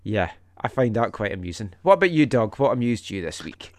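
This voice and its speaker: A man hosting a casual podcast chat, animated, his voice jumping up high when he tells a story. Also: fairly quick, dry recording, studio quality. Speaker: podcast host.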